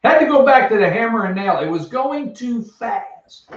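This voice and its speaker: A man's voice: very high-pitched, lively intonation, moderate pace. A man hosting a sarcastic, jokey countdown of news headlines from an office. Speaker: host. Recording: echoey, distant, dull sound.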